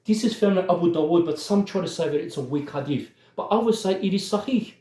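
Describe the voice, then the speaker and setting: Worked-up man with a high voice in an echoey room. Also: expressive, fast talker, dark tone. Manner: emphatic, worked up, repeatedly addressing listeners. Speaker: religious commentator. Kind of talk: impassioned religious commentary.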